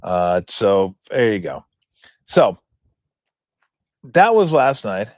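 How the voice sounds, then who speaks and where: A man's voice: lowish voice, sing-song, very slow, no echo, clean studio sound. A man in his fifties hosting a sports talk show, commenting in a rambling, joking, profane way. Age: 50s.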